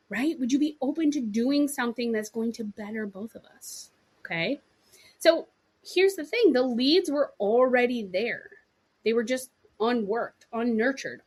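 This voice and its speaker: A woman in her thirties hosting a solo podcast, talking listeners through business advice and acting out small quoted dialogues. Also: fairly high pitch. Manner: animated, acts out little quoted dialogues; frequent throat clearing, "right?" and "okay" asides. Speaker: podcast host. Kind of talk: solo podcast coaching talk.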